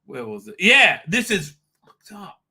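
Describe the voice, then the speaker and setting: High, bright-voiced mocking male streamer. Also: sing-song, measured pace, breathy edge. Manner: profane, mocking, jumps into sudden shouts. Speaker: livestream commentary host. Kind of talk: casual live-stream rant.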